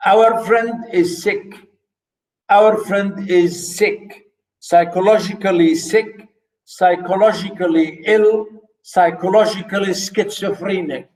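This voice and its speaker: A man lecturing on a story, repeating key words for emphasis and asking rhetorical questions. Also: high-pitched. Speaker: literature lecturer. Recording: echoey room.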